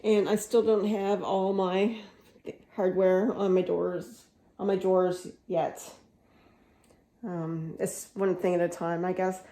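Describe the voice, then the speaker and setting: A woman's voice: lowish voice, level tone, slow, dark tone. A woman in her fifties chatting in a rambling, casual way while showing her house, with many fillers and restarts. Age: 50s. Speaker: vlogger. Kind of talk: casual home tour chat. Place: inside a house.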